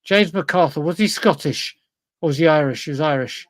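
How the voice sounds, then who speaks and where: High-voiced English man, swearing through a quiz. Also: a little fast, dry recording. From England. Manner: swears freely, blurts answers, talks to himself. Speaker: podcast co-host. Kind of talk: casual chat while playing a football quiz.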